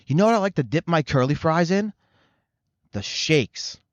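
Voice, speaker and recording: A man acting out a cheerful customer eager for a treat, ordering in a high, drawn-out voice. The recording is dry and a little muffled. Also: sing-song, no echo.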